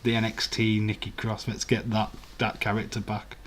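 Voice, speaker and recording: A man's voice: fairly low pitch, monotone, normal speed, slight background noise. A man hosting a live stream, chatting casually and rambling while he answers viewer comments and laughs often. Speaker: livestream host. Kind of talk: casual live watch-along chat.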